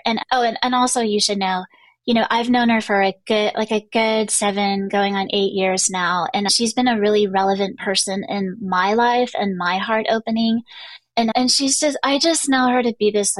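A middle-aged woman hosts her podcast and tells a personal story in casual chat. She fills her talk with fillers and restarts. Her voice sits a little high, and the mic sound is close and dry. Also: no room sound. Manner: chatty, many fillers and restarts. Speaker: podcast host.

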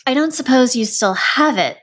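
A woman's voice: high-pitched, lively intonation, moderate pace, a bit bright, husky, voice pushed up, heavily acted. A woman doing a worried, apologetic postman. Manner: upset, apologetic.

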